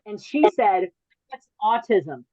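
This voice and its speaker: A woman comedian does a rambling stand-up set via video call on a virtual show, speaking slowly in a medium-pitched, dark-toned voice with lively intonation. The sound is lo-fi without echo. She often stops, starts her sentences over, and laughs at her own jokes.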